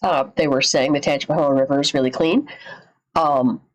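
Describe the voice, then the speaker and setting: A slightly low-voiced woman streams from her home setup and reacts out loud. She chats casually, swears freely and drops sarcastic asides. Her voice comes through a desk mic. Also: fairly even intonation, moderate pace, poor audio.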